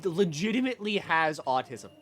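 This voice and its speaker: A man's voice: a little high, big pitch swings, normal speed, a bit bright, a little hiss or hum. A young man streaming, chatting casually and rambling in jokes with many filler words.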